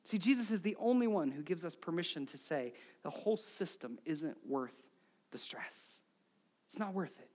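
A middle-aged man preaching a sermon as a pastor, telling stories with big swings from hushed near-whispers to shouts. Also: a little high, lively intonation, fairly quick.

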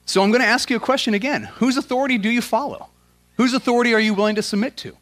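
In a loose, slangy sermon, a man playing pastor alternates forceful questions with soft, earnest prayer. He has a very high voice and speaks very fast.

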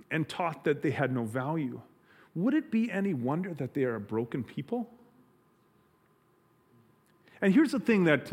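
Guy preaching, middle-aged, earnest, stops and restarts a lot, mid pitch. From Canada. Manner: earnest, halting, many restarts. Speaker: pastor. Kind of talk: sermon.

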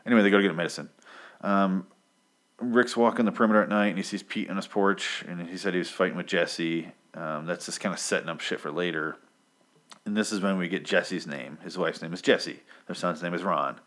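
Very deep-voiced man rambling casually. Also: a little fast. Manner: profane, rambling, animated quoting of characters. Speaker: comic book reviewer. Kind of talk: casual recap talk.

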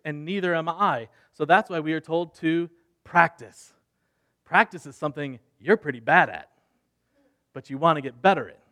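A man preaching a sermon in an earnest way, moving between soft, quiet passages and louder emphatic ones. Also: a little high. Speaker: pastor.

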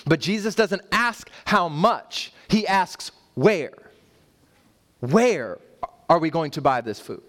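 A man delivers a sermon in a fairly high voice. He builds toward emphatic points with repeated rhetorical questions. He breaks off now and then for light asides to the church. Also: animated, slow, fairly bright tone. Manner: playful asides to the congregation. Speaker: pastor.

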